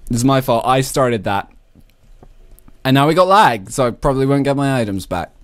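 A man casually commentating his own Minecraft play, excitable and laughing often. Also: mid-range voice, moderate pace, no echo, studio quality. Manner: excitable, laughs often, shrieks when startled. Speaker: Minecraft YouTuber.

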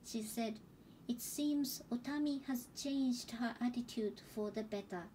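A woman slowly reading a novel aloud as an audiobook, gentle and unhurried, with small restarts. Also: a little high, distant mic, a little hiss or hum, rough recording. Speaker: audiobook reader. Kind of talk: slow storybook narration.

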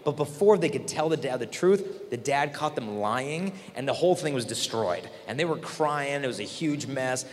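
A man's voice: mid-range voice, moderate pace, few pauses. A man telling stories to a large young audience at a conference, acting out the people he quotes. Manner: animated, acts out quoted voices. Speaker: conference speaker. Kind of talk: storytelling talk to a youth audience. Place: large convention hall. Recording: long hall reverb, faint noise.

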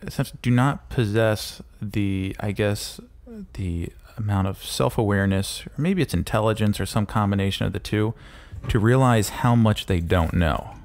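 A man co-hosting a podcast in casual chat, talking haltingly with many pauses and restarts. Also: fairly low pitch, darkish tone. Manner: hesitant, lots of ums and restarts. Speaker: podcast co-host.

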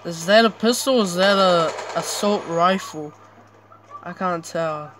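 A young male gamer talks through his match at home, drawling slowly, then bursting into loud yelps whenever something happens. A steady hiss of background noise sits under his voice. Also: high voice. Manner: excitable, sudden yelps and exclamations, chatty asides. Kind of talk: live gameplay commentary.

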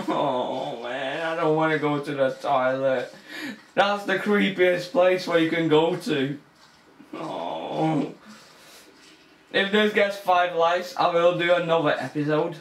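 Scared young man, slow nervous gamer. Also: on the high side, fairly even intonation, reverberant. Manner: nervous, swearing, laughing, scared. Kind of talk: let's play commentary.

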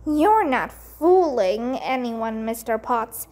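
A woman's voice: on the high side, animated, slow pace, a little mellow. A woman voicing a bossy first-grade girl in a storybook reading, eager and chirpy. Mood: sly.

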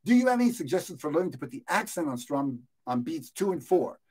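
Husky-voiced man teaching guitar live. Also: on the high side, fast. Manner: relaxed, rambling, self-correcting, counting beats aloud while playing. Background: his own guitar playing.

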